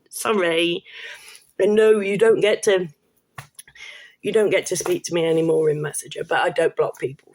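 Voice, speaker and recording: A British woman in her fifties, vlogging in a blunt, rambling, sweary way with frequent restarts. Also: mid-range voice. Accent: British English. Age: 50s. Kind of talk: casual monologue to camera.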